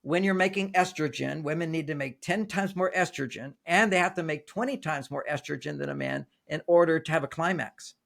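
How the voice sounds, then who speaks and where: Older man, interview guest, gravelly, fairly high voice, anecdotal, repeats phrases. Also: fairly quick, few pauses, a bit bright. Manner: storytelling, repeats and restarts phrases. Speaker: relationship author, guest.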